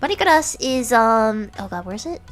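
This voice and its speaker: Giggly american streamer girl rambling away, voice bouncing all over, a bit high, faint music under it. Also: animated, normal speed. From United States. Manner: giggly, rambling, many fillers. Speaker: streamer host. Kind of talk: casual chat.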